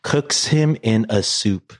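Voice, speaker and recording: A man's voice: on the low side, slow. A man casually retelling a story to friends, rambling and profane, full of fillers and jokes.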